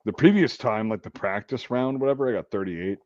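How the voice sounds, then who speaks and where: A man casually telling army stories with lots of swearing, acting out a drill sergeant's shouts. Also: on the low side, a little fast, no echo, highs cut off. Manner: profane storytelling, acts out drill sergeant shouts. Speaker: podcast host. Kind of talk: casual chat.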